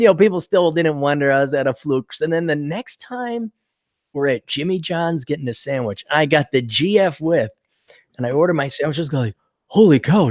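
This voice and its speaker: A male podcast host in casual chat, an animated storyteller who acts out the people he quotes. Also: on the high side, no echo, studio quality.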